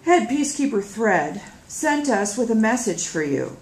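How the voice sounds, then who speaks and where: A woman's voice: on the high side, very animated, a little slow, a little hiss or hum. A woman reading as a stern, formal female guard. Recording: echoey room.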